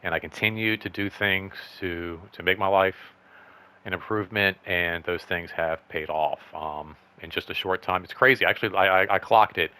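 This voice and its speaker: Man, very low voice, host of a chatty vlog update; loose, filler-heavy and upbeat. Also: normal speed, clear, resonant tone. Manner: rambling, lots of "like" and "um"; excited, upbeat. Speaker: channel host. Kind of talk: casual personal update vlog.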